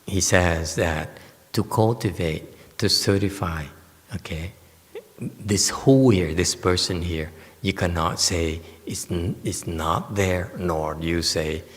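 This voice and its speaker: A man's voice: sits low, gravelly, in a large hall. A man as a Buddhist master giving a dharma lecture on a sutra, blunt and teasing, often checking in with "okay?". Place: temple lecture hall.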